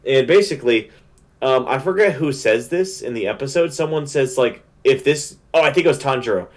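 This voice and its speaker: Excited, slangy young man. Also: medium pitch, brisk. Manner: excited, slangy, full of fillers. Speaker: anime reviewer. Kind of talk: casual spoiler recap.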